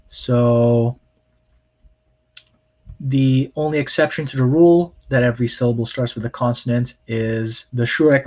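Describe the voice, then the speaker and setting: A man lectures on grammar at a slow, unhurried pace. He explains plainly and corrects himself often, with frequent ums. The recording sounds dull and lo-fi. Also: mid-range voice, darkish tone. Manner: plain explanatory, many fillers and self-corrections. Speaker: Hebrew lecturer.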